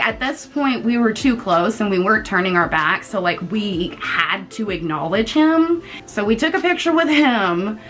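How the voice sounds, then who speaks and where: A young woman from the United States, casually telling a storytime vlog in an animated, chatty way and swearing freely. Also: medium pitch. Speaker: vlogger.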